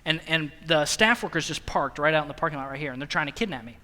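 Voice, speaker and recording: Bright-voiced young man preaching in a hall. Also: a little high, quick pace. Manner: animated, self-mocking storytelling with laughter. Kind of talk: sermon storytelling. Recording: long hall reverb.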